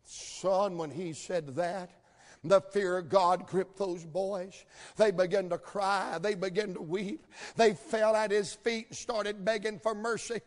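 Older man, preacher, high voice, emphatic shouting, long hall reverb. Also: fairly even intonation. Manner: emphatic, builds to shouted peaks, drawn-out dramatic phrasing. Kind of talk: sermon.

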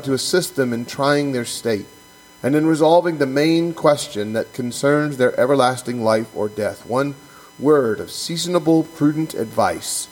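Reading aloud from a book before discussing it, a pastor on a co-hosted podcast speaks in an earnest, emphatic way and often restarts or repeats words. His voice is medium-pitched with a darkish tone. The audio is low quality.

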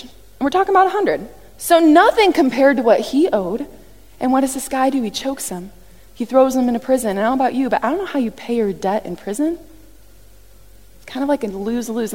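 A woman preaching a sermon in a lively, conversational way, often acting out what people said. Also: fairly high pitch. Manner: animated, conversational, acts out quotes. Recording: long reverb from a large hall.

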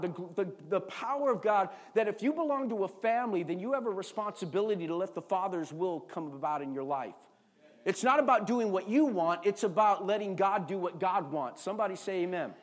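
A middle-aged man preaching a sermon as pastor, calling for responses and often repeating words as he tells stories. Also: high voice. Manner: call-and-response, repeats words, animated storytelling.

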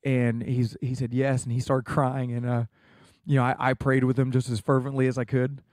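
A man's voice: medium pitch, flat delivery, moderate pace, a little mellow, no room sound, studio quality. A young American man in a casual interview, earnestly telling a personal story with many fillers. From United States. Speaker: guest.

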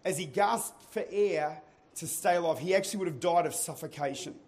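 A man preaching a sermon to his church, moving between quiet teaching and loud, rousing calls to the congregation. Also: a little high, fairly quick. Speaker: pastor. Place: church auditorium.

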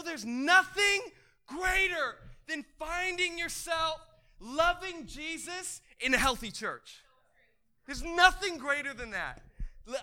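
High, bright-voiced excitable male pastor. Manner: excitable, stammering restarts, bursts into shouting. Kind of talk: energetic sermon.

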